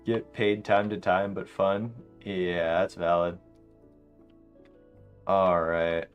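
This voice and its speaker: A young man streaming a game late at night, chatting casually to his viewers and telling animated, slangy stories. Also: sits low, slow, smooth, highs cut off, faint music behind. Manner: animated storytelling, slangy, laughs often. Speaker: live streamer. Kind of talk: casual livestream chat while gaming.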